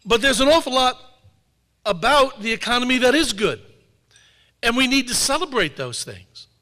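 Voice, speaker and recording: High bright male speaker in a reverberant hall. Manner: storytelling with wry humor. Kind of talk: public talk.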